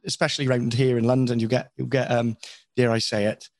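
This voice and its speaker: This is a candid conversational interview with a Welsh voice actor who is frank, rambling and self-critical, talking at length about himself. He is from Wales, and his medium-pitched voice barely moves in pitch, delivered fairly quickly with no room sound.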